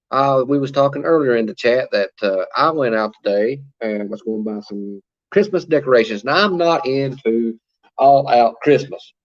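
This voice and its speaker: Chatty man, lo-fi audio. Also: medium pitch. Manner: chatty, reads comments aloud, many fillers. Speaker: livestream host reading chat. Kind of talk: casual live-chat talk.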